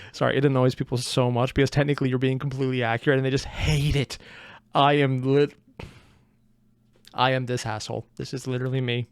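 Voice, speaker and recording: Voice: medium pitch, flat delivery, a little fast, long pauses, smooth, no room sound. A host giving casual reaction commentary to an audio drama, chatty and often poking fun at themselves. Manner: chatty and self-mocking, with frequent likes and asides.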